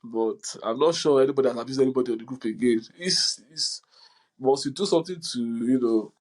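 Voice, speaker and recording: A man's voice: medium pitch, brisk, low-quality recording. A young man, hosting a podcast in casual chat and telling stories animatedly with frequent laughter. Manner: animated storyteller, laughs often. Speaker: podcast host.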